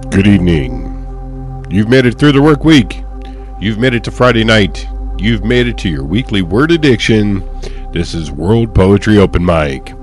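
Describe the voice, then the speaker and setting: A man's voice: on the low side, big pitch swings, normal speed, soft background music. A man hosting a casual poetry show, who jokes and laughs often while thanking sponsors. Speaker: host. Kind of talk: casual podcast banter.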